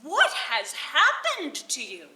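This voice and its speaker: Woman doing kind giant red sea snake, slow gentle lines, bright voice, roomy hall. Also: high voice, wildly swooping pitch, full character voice.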